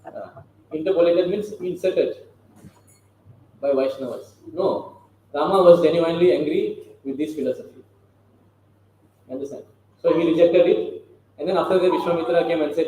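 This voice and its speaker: A man with a slightly high, dark-toned voice lectures on scripture at a moderate pace, leaving long pauses. He keeps it conversational, regularly putting rhetorical questions to his listeners. The room is very echoey, with faint background noise.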